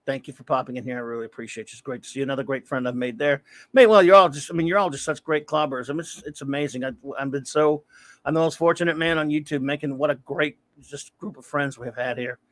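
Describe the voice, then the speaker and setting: A medium-pitched, fairly bright male voice moves at a quick pace as this livestream host rambles. He reads the chat aloud and greets viewers by name in a casual way.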